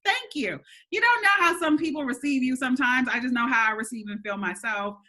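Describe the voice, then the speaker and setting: A woman hosting a casual live stream, talking in a chatty way with lots of "um"s and giving shout-outs, with a slightly nasal voice. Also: high voice, brisk. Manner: chatty, warm shout-outs with frequent laughs and "um"s. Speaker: host. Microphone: webcam or phone mic for a live stream.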